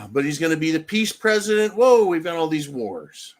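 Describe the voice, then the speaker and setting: A man's voice: on the high side, big pitch swings, normal speed. A man from the United States hosting a livestream, giving blunt political commentary, swearing freely and often tagging his points with "right?". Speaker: livestream host.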